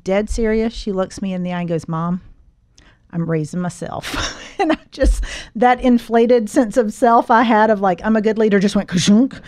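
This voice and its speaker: A woman's voice: on the high side, normal speed, darkish tone. Chatty middle-aged woman host. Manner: chatty, storytelling, laughs easily. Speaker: podcast host. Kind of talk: casual interview chat.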